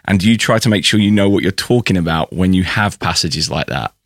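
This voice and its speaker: Deep-voiced podcast host, dry sound. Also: male voice, brisk, dry recording. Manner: relaxed, reads listener questions. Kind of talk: casual interview.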